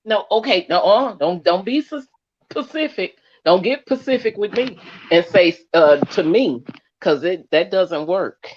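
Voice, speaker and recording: Woman, co-host, slow drawl, very expressive pitch, playful, muffled audio. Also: a little hiss or hum. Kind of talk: casual livestream chat.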